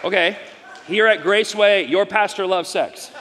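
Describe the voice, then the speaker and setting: A middle-aged man preaching a live sermon as pastor, swinging from loud exclamations to soft asides. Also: high voice, moderate pace, a faint crowd, a little hiss or hum. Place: large church hall. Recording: long hall reverb.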